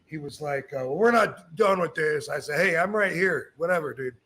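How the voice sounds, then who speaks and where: On the high side and at a moderate pace, a middle-aged man hosts a podcast, recounting a story in relaxed talk. He's animated, acts out quoted dialogue, and makes frequent restarts.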